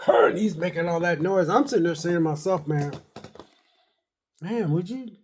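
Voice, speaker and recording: A man with a somewhat high-pitched voice recaps a horror film in a loose, rambling way. He quotes his own reactions while watching and leans on casual slang throughout. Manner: rambling, animated retelling with slang and self-quotes. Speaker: movie reviewer.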